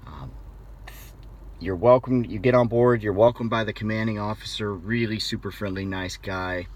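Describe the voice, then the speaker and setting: Low-voiced American man telling a story. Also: normal speed. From United States. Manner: animated, conversational, with frequent restarts. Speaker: motivational speaker. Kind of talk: casual storytelling.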